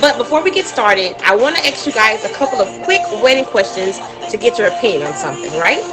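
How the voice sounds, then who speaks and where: Chatty woman host, bubbly and animated, talking to her live-stream viewers. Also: on the high side, fast talker, over music. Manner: bubbly, chatty, laughs often. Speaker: wedding planner hosting a live stream.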